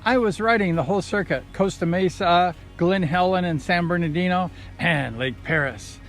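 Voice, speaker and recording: A man telling old speedway racing stories in a casual, rambling, excited way, slipping into quoted voices. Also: high voice, moderate pace, soft background music. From Southern California. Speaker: vlogger recounting racing days. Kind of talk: casual storytelling.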